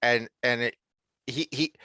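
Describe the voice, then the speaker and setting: A man co-hosting a podcast, talking through a TV series review in an animated, rambling way with frequent restarts. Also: mid-range voice, unhurried, no room sound. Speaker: podcast co-host. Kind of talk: casual review discussion.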